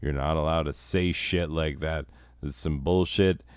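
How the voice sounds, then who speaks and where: A man's voice: extremely low pitch, fairly even intonation, unhurried, smooth, dry recording, studio quality. A man hosting a comedy podcast, telling a rambling, profane story full of asides and self-corrections. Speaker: podcast host.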